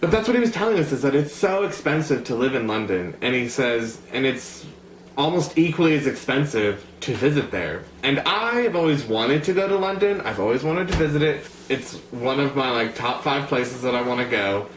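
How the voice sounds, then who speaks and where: Talking casually to camera, this young man from the United States rambles on, full of fillers and side remarks. He has a mid-range voice with lively intonation at normal speed, and the echoey room adds faint ambience plus slight hiss or hum.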